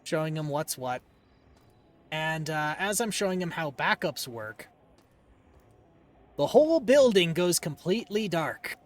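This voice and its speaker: A man streaming a game and telling a rambling story in a casual, dry, deadpan way. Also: a little high, a little slow, long pauses. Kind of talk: casual storytelling while gaming.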